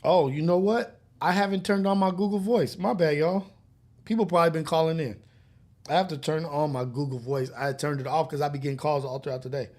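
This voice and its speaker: A man's voice: fairly high pitch, fairly quick, darkish tone. A man hosting a live morning show, talking in a loose, profane, casual way and laughing often. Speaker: host. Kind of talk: casual live-stream chat.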